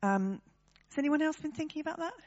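A woman's voice: high-pitched, expressive, fast talker, highs cut off. A woman preaching a sermon to her church, talking conversationally and turning to the congregation with tag questions.

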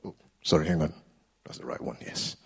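A man's voice: extremely low pitch, fairly quick, gravelly, fairly bright tone, slightly rough. A man preaching a sermon in a church, earnest and exhorting, repeating phrases as he builds intensity.

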